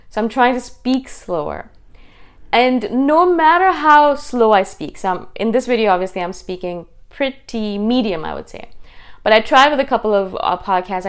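Woman vlogger, rapid passionate delivery, smooth clear voice, casual monologue. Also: medium pitch. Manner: fast, intense, animated delivery. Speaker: YouTube host. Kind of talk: casual talking-head monologue.

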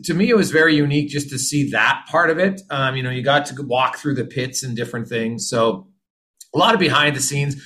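Middle-aged Canadian podcast guest, rambling and friendly, bright edge. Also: male voice, medium pitch. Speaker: hockey journalist guest. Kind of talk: casual interview answers.

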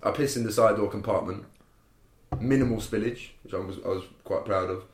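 A man's voice: fairly low pitch, a little fast, a little hiss or hum. Rambling man with roomy echo. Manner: rambling, laughing, sweary storytelling. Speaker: podcast guest telling a story. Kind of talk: casual chat.

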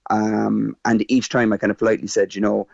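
A man in his fifties with a Cork Irish accent, telling a personal story in a radio interview, halting with fillers and restarts. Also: fairly low pitch, level tone, gravelly, no room sound, muffled recording. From Ireland. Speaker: guest.

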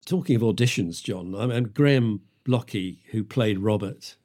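A man's voice: on the low side, moderate pace, a little mellow, soft background music. A man co-hosting a podcast, asking questions and laughing easily. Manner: laughs easily, prompts guest. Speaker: podcast co-host. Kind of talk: casual interview chat.

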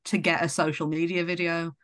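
A woman guest on a podcast, talking about a horror film in a thoughtful, measured way. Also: on the low side, level tone, fairly bright tone, no room sound. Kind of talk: casual film discussion.

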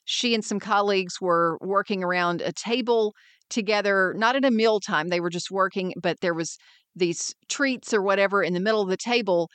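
A woman hosting a wellness podcast, talking in a lively way and acting out quoted friends in raised voices. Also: medium pitch, normal speed, smooth, no room sound. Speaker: podcast host and wellness mentor. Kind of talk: scripted podcast monologue.

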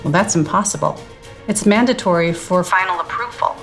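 An actress playing a businesslike exchange agency clerk speaking matter-of-factly. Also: female voice, on the low side, brisk, a bit bright, faint music behind. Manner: matter-of-fact.

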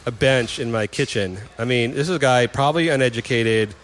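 Fast-talking opinionated man. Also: mid-range voice, fairly bright tone, a little hiss or hum. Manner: fast, opinionated, laughs often. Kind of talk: casual chat.

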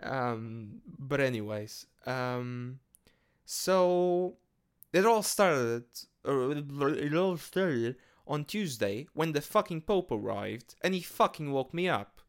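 Male podcast host, smooth clear voice, unhurried and rambling. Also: mid-range voice, expressive. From Portugal. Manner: rambling, hesitant, lots of fillers and swearing. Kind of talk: casual monologue.

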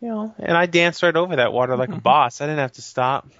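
A man's voice: fairly high pitch, animated, fast, a bit bright. A brash man riffs on a late-night podcast, joking, bragging and cursing casually. His voice comes through a dull, lo-fi recording in a dry room with no echo. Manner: brash, joking, swears freely. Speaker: podcast co-host. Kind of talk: casual chat.

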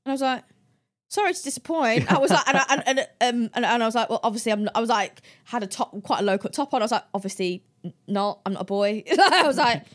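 Animated woman telling stories. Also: fairly high pitch, fast talker. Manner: animated storytelling, acting out quoted people in a raised voice, laughing often. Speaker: guest. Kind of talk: casual interview chat.

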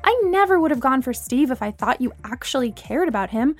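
A woman's voice: high voice, animated, brisk. A woman voicing a defiant young female friend who justifies herself emphatically in an audiobook story. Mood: defensive.

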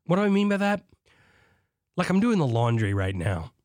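Amped-up man with a lively, high voice. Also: moderate pace, no room sound, studio quality. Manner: hyped, swings between shouting and low asides; swears, mock preacher zeal. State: drinking beer while talking. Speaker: beer podcast host. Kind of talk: excited solo podcast monologue.

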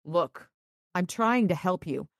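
A woman's voice: fairly low pitch, animated, slow, dry recording, clean studio sound, heavily acted. A woman voicing a blunt male wizard detective. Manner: blunt, confrontational.

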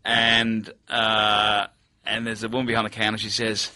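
A man telling casual podcast stories as a guest, animated and often acting out other people's voices. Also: on the low side, moderate pace.

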